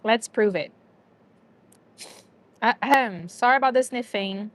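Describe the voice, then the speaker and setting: A woman's voice: fairly high pitch, takes it slowly. A woman hosting a casual livestream, chatting to viewers and a dog and laughing often. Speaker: livestream host.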